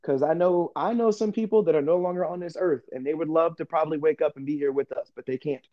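A man hosting a casual podcast chat, talking in an animated way, laughing often and acting out remembered conversations. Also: fairly high pitch, fast, dry recording, muffled recording. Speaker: podcast host.

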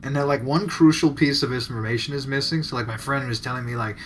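A man's voice: medium pitch, fairly even intonation, fast, a little hiss or hum, poor audio. A man, a podcast co-host, telling stories with dry self-deprecating humor in casual chat.

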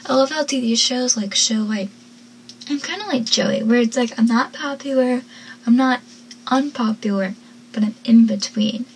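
A woman's voice: on the high side, moderate pace, a little hiss or hum. A teenage girl recapping a TV episode in casual commentary, giggly and chatty with lots of "like" fillers.

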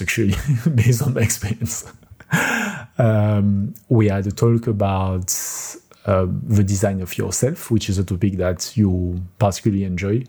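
A podcast co-host with a French accent, a man who speaks English as a second language, chatting casually and searching for words as he goes. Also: fairly low pitch. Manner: rambling, searching for words, laughs softly. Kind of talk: casual chat.

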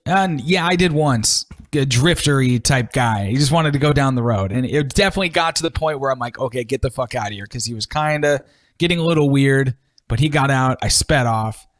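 A man's voice: medium pitch, fairly quick. A man co-hosting a casual podcast, laid-back and teasing as he tells a story. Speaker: podcast co-host. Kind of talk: casual chat.

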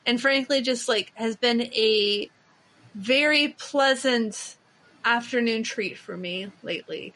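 A woman's voice: fairly high pitch, a bit bright. A woman hosting a podcast, chatting casually and enthusiastically, with lots of filler words. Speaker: podcast host. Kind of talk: casual chat.

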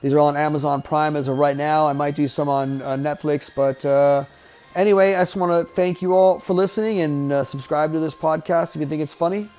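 A man's voice: fairly high pitch, steady tone, fairly quick, darkish tone, faint music behind. A man hosting a podcast, giving casual, wisecracking, profanity-laden commentary while watching a movie. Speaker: podcast host. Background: faint film soundtrack.

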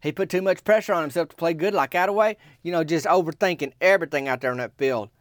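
Guy spinning a funny yarn, rambly deadpan drawl, kinda high voice. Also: fast, no echo, clean studio sound. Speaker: storyteller. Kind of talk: comic folksy storytelling.

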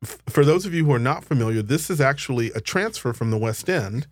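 A man's voice: medium pitch, animated, fairly quick, no room sound, studio quality. A man hosting an interview show, chatty and playful, acting out his own reactions as he talks with his guest. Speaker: host. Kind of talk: casual interview chat.

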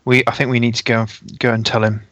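A man's voice: mid-range voice, flat delivery, rapid-fire, fairly bright tone, no echo, highs cut off. A man playing a tabletop role-playing game, talking casually and slipping into in-character speeches. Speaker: player.

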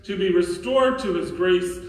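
Priest preaching in an echoey church. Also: male voice, high voice, distant mic. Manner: earnest, questioning, emphatic with dramatic pauses. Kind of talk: sermon. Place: large church.

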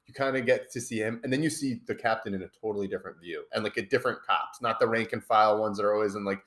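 A man's voice: on the low side, fast talker, fairly bright tone. A man co-hosting a podcast, chatting casually about a film and talking around his points with lots of restarts. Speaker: podcast co-host.

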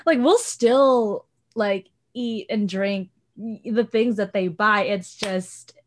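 A young woman co-hosting a casual chat who laughs often and rambles quickly. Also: medium pitch. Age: young adult. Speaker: podcast co-host.

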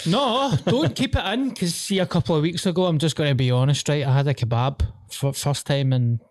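A man's voice: a little high, a little fast, no room sound, studio quality. A man with a Glaswegian accent hosting a podcast, telling sweary stories and laughing often in casual chat. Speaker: podcast host.

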